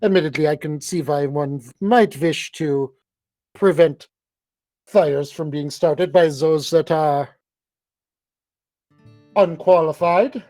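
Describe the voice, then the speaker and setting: Man, player at a tabletop game, high voice, chatty and joking. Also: warm tone, soft background music. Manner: chatty, quick, laughing asides, stammering restarts. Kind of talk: casual tabletop play.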